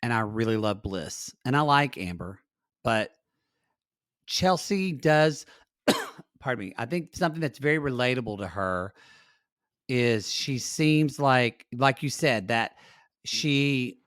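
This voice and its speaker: A man's voice: medium pitch, lively intonation, slow, fairly bright tone, no room sound, clean studio sound. A man co-hosting a podcast, talking through a reality show in an earnest, openly emotional way. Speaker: podcast co-host. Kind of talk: casual recap chat.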